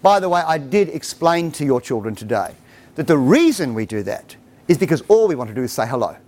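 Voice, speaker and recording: A man's voice: on the high side, fairly quick. A middle-aged man giving a humorous talk to parents, acting out bits of dialogue. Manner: animated storytelling, acts out dialogue. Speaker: speaker on parenting.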